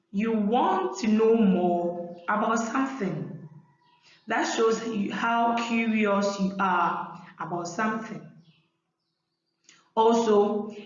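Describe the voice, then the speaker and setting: A woman teacher giving a lesson to young pupils, repeating each point slowly and clearly. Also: medium pitch. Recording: very echoey room, dull lo-fi sound.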